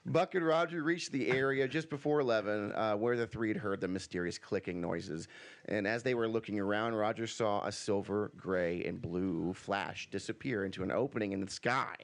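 A man's voice: lowish voice, normal speed. A man hosting a casual podcast, reading a story aloud to his friends. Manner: reads a story aloud, breaks into laughter.

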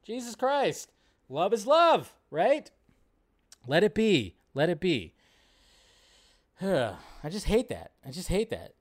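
A male host of a casual live stream, talking in a somewhat high voice. He rants loosely about whatever comes up, swears freely and slips into exaggerated mocking voices. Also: very animated, takes it slowly, long pauses. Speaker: show host.

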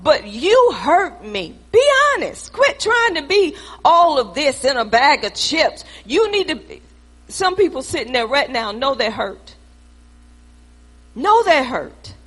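A middle-aged woman preaching from the pulpit in a high, bright voice. She talks to the congregation in an emphatic, conversational way and calls out to them as she goes. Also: big pitch swings, unhurried. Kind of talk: sermon.

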